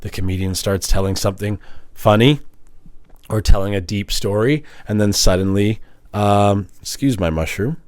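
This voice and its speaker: A man talking into a microphone in a rambling confessional monologue, swinging between high mock voices and low mutters. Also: moderate pace, darkish tone. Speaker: vlogger and musician. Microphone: standing at a microphone.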